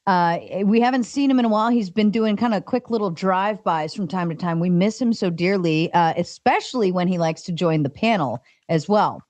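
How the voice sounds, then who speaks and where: A woman's voice: lowish voice, a little fast, hardly any pauses, darkish tone, no echo. A woman hosting a live stream panel in casual chat, giggly and bantering, swearing freely. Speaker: stream host and panel moderator.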